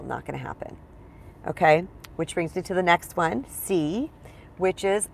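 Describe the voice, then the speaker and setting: A woman's voice: lowish voice, unhurried, vocal fry, slight background noise. A woman speaking as a spiritual coach in a casual teaching monologue, chatty and emphatic, often checking in with her listeners.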